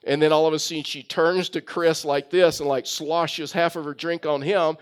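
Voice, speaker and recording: A man's voice: on the high side, fairly even intonation, moderate pace, smooth. A man preaching a sermon, telling a story with frequent fillers and restarts. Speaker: pastor.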